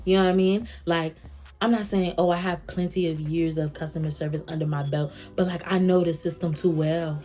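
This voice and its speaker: A young woman vlogger tells a storytime rant and acts out both sides of an argument as she goes. Her voice sits a little low and runs lively. Faint music plays behind her. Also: a little fast.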